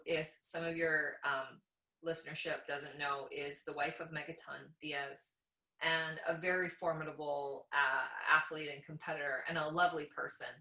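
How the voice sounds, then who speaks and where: A Canadian woman in her thirties, a podcast guest, telling lively stories in casual conversation and laughing often. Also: deep voice. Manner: animated storyteller, laughs often. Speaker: podcast guest, jiu-jitsu black belt. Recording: echoey room.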